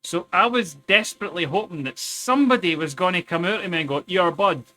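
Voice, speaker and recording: Bright, sweary Scottish man. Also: high voice, expressive, fast. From Scotland. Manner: sweary, chatty, tells stories while tinkering. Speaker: livestreamer. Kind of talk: rambling casual stream chat.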